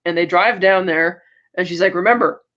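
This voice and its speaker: A woman's voice: on the low side, little pitch movement, normal speed, a bit bright, highs cut off. A woman co-hosting a podcast, recapping TV episodes in a loose, rambling way with plenty of fillers. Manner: rambling recap with many fillers and quoted bits. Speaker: podcast co-host. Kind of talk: casual TV recap chat.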